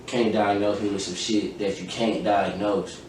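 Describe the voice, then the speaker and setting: A man's voice: on the low side, little pitch movement, measured pace, a little mellow. A young adult man telling a personal story in casual, profanity-heavy podcast chat, acting out the dialogue as he goes. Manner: profane, emphatic, recounting events with quoted dialogue. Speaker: podcast host. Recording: very echoey room, distant mic, faint noise.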